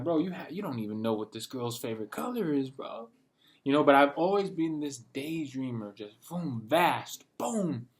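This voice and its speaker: A young man talking in a loose, rambling monologue. He keeps saying "bro" and acts out what he and others said. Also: medium pitch. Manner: rambling, says "bro" constantly, quotes himself and others in little voices. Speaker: vlogger. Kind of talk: casual monologue. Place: at home, dogs nearby.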